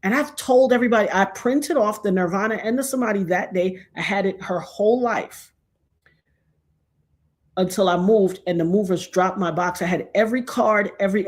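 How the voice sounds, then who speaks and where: A middle-aged woman telling a personal story in a casual, animated way, acting out the other people's lines as she goes. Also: fairly low pitch. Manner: animated, acts out quoted dialogue.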